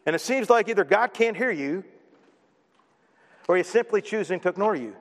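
High-voiced preacher in a reverberant hall. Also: male voice, expressive, moderate pace, a bit bright. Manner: emphatic, builds with repeated phrases. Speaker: pastor. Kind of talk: sermon.

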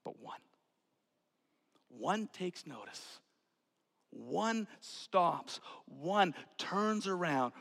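A man preaching a sermon, swinging from hushed whispers to loud outbursts. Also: on the high side, lively intonation, takes it slowly, creaky, pauses often. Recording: long hall reverb.

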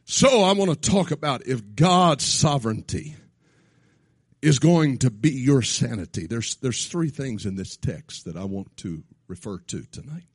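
A man preaching a sermon in a church, shouting his points, then dropping to quiet asides. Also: mid-range voice, lively intonation, measured pace, breathy edge, no echo, studio quality. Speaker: pastor. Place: church sanctuary.

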